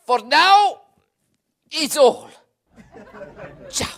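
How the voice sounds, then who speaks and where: A playful, high-voiced woman in a comic sketch. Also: animated, very slow, creaky. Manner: playful, laughing.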